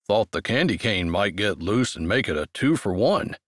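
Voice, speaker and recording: A man's voice: fairly low pitch, lively intonation, moderate pace, no room sound, studio quality, pitched below the performer's own voice. A man voicing a tall, laid-back rural man who talks in an easy, amused drawl. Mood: easygoing.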